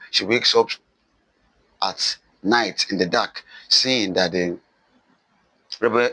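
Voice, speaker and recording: A man teaching literature, retelling a novel's plot in an animated way and repeating phrases for emphasis. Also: sits low, breathy edge, no room sound, rough recording. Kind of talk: novel summary lecture.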